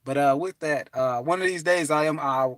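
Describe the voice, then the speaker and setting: A man giving an animated, preachy motivational talk from his parked car, breaking into bits of song and laughter. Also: a little high, moderate pace, no echo. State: hot and restless. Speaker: vlogger.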